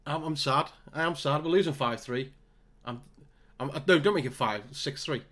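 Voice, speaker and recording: Guy narrating his own football sim, bit higher voice, mutters then gets loud. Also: moderate pace. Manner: excitable, talks to himself, groans and mutters between bursts. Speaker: gaming YouTuber. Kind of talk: live commentary on his own game.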